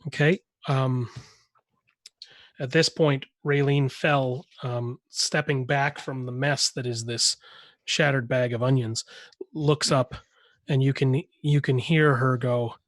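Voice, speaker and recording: A man narrating a tabletop game as game master, often pausing and restarting his sentences. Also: medium pitch, steady tone, a bit bright, no room sound. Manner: hesitant, many restarts while describing.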